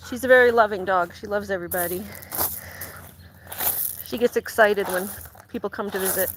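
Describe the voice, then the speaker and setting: A young woman chatting casually with her live chat from her garden, slipping into high sing-song baby talk with her dog. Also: normal speed, noisy background. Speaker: vlog host talking to live chat. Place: outdoors in a home garden.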